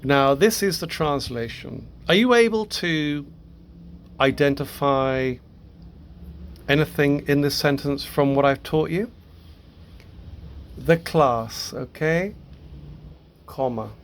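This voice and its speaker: A man's voice: a little high, slow, long pauses, slight background noise. A man teaching Spanish grammar in a recorded lesson, explaining patiently step by step with the occasional small laugh.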